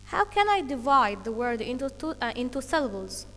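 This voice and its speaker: A woman's voice: high-pitched, very animated, a bit bright, big-room sound. A woman teacher giving an English lesson to children, explaining step by step and checking in with "okay" as she goes. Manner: slow, deliberate explaining with many "okay" checks.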